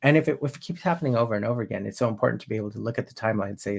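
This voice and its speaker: Middle-aged male coach, gravelly voice, loose and rambling teaching delivery with lots of restarts. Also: lowish voice, very fast, few pauses. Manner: rambling, with frequent restarts and tag questions. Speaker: NLP coach. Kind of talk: informal teaching talk.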